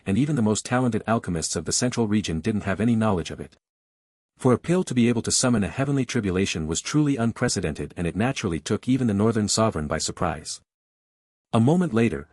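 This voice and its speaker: A man reading a fantasy web novel aloud in steady scripted narration, close to the mic. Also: lowish voice, no room sound.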